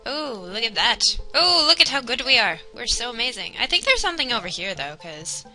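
A young woman giving casual, excitable commentary while playing a video game, talking to herself and the game. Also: on the high side, brisk, low-quality recording. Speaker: let's player. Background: game music.

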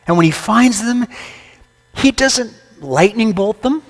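Quizzing the congregation with questions and slipping in playful jokes, a visiting preacher gives a relaxed sermon in the sanctuary. His high, expressive voice takes its time, and the church hall's reverb lingers long.

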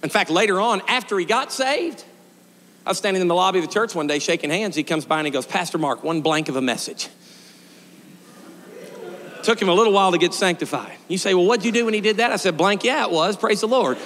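A middle-aged male pastor preaching a storytelling sermon, swinging from shouted peaks to quiet, joking asides. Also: high voice, animated, fast talker. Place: church sanctuary. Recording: long church reverb.

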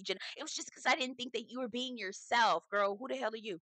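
A woman hosts a gossipy reality TV recap, talking to her listener like a close friend and dropping "girl" into nearly every sentence. Her voice is bright and forward, and the sound is dry and close with no room around it. She is animated and curses freely, often laughing at her own jokes. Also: medium pitch, a little fast, no echo. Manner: chatty, slangy, swears freely, calls listener "girl". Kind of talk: casual TV recap commentary.

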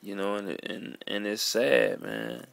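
Slow, gravelly man. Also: on the low side, big pitch swings, fairly bright tone, dry recording. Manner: earnest, halting, repeats words and calls listener "man". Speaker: vlogger. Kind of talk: emotional monologue to camera. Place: sitting at home at a computer.

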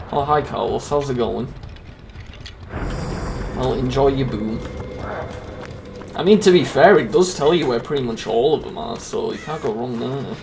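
A man giving casual, jokey commentary over a video game, swearing freely and reacting loudly. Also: mid-range voice, noisy background. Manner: excitable, swears a lot, jokey. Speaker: gaming YouTuber.

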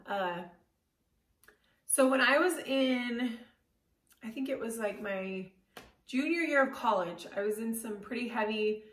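A fairly high-voiced woman in her thirties tells a personal story with candid, animated energy and self-deprecating humor, tossing in casual fillers as she goes. Her voice rings through a roomy space, picked up from some distance away from the microphone. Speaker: motivational speaker. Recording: roomy echo, voice from far off the mic.

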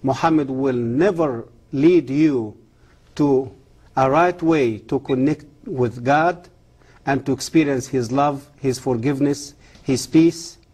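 A man, the guest of an interview, gives his testimony and then preaches straight to the camera. He speaks earnestly, in halting English with broken grammar. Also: medium pitch, a little mellow, husky. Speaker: guest, former Islamic professor.

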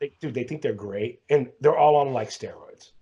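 A man's voice: medium pitch, normal speed, lo-fi sound, crowd noise. A man co-hosting a podcast, telling a rambling story in casual chat and saying "dude" constantly. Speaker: podcast co-host.

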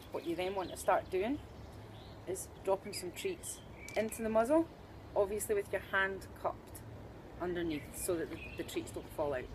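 A woman from Scotland, with a Scottish accent and a mid-range voice, gives a chatty, upbeat dog-training demonstration peppered with joking asides. Background noise can be heard.

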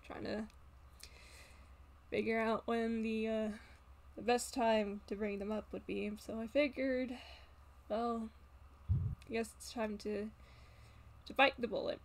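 Woman voicing a soft, hesitant grown man. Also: sits high, flat delivery, vocal fry, exaggerated voice. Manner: soft-spoken, halting. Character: weary gentle grown man, quiet and hesitant.

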